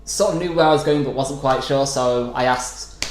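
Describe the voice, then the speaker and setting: A man's voice: mid-range voice, normal speed. An English comedian in his late twenties, chatting on a podcast with a jokey, self-deprecating manner. His voice sounds roomy and echoey, with a faint hiss underneath. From England. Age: late 20s. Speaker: comedian guest. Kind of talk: casual podcast chat. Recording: echoey room with faint noise.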